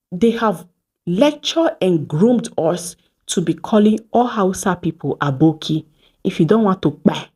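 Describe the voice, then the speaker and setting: A Nigerian woman in her thirties from Edo State vlogs lively stories to camera in a husky, medium-pitched voice. She's animated, mixes in Pidgin phrases, and acts out the exchanges people had.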